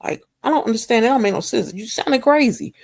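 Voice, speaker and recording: An exasperated husband, shrill and incredulous, who cannot understand what is wrong, as a woman puts him on in a high, raised voice. The tone is pushy and dismissive. The voice keeps a gravelly rasp. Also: expressive, a little fast, darkish tone. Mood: baffled.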